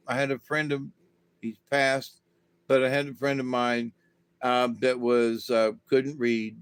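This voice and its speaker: A man's voice: mid-range voice, little pitch movement, measured pace, a bit bright, clear, resonant tone, dry recording. A man giving a casual, rambling monologue to his viewers in a folksy manner, full of "you know" asides. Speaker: vlogger.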